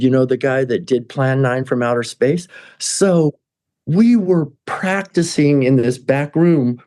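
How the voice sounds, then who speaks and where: Mellow-voiced man telling a rambling story. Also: fairly high pitch. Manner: chatty, laughing, full of fillers and restarts. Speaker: musician guest.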